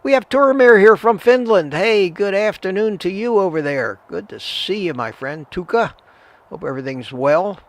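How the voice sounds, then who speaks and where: Older male host, gravelly and slightly high-pitched, with a friendly live-stream chat manner. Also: animated, normal speed. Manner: friendly, reads out and greets viewers by name. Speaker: livestream host answering viewer chat.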